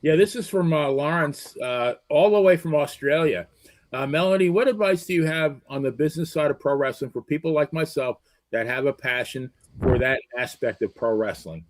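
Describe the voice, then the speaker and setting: A man's voice: on the high side, moderate pace. A male co-host reading out listener questions in a casual, hesitant way, with stammers and fillers. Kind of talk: casual chat.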